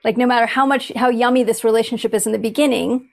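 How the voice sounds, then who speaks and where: Reflective woman, slightly high voice, earnest, searching phrasing with restarts. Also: fairly even intonation, fast, gravelly. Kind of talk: reflective casual conversation.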